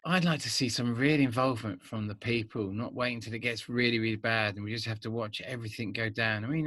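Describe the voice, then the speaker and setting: A man in his fifties, a vlogger talking to camera in a rambling, animated way with many restarts. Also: lowish voice, dry recording. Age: 50s. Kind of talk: casual monologue to camera.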